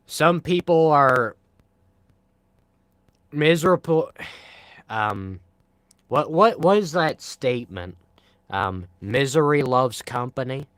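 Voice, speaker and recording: A man's voice: mid-range voice, animated, takes it slowly, long pauses, fairly bright tone, no echo. A young man live streaming, chatting casually and answering viewer comments in a laid-back, rambling way with frequent sighs.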